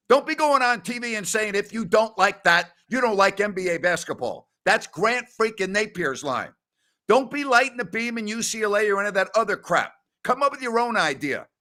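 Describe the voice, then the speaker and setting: A man hosting a sports radio show, ranting loudly and sarcastically. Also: sits high.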